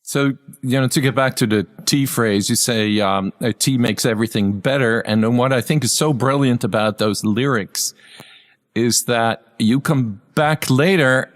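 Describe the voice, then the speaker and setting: A man's voice: mid-range voice, normal speed, long reverb tail. Host: American man, mid-range voice, thoughtful and friendly, hesitant restarts. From United States. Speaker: podcast host. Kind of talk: casual interview chat.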